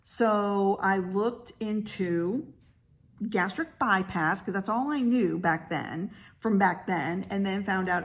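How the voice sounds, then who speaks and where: A woman's voice: medium pitch, slow. A woman in her fifties talking candidly in a casual personal vlog, chatty with frequent fillers. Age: 50s. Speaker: vlogger; realtor.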